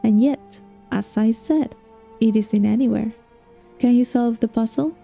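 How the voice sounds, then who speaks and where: A woman's voice: a little high, measured pace, gravelly, warm tone, faint music behind. Woman reading as a coaxing scheming sorcerer. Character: scheming seductive man, a sorcerer lover. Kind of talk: reading a novel aloud.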